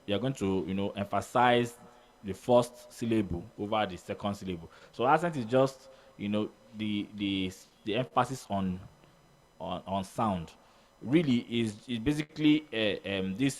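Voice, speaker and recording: A man with a Nigerian English accent teaching choir music theory, halting with many fillers and voicing drum beats aloud. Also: lowish voice. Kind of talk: informal music theory lesson.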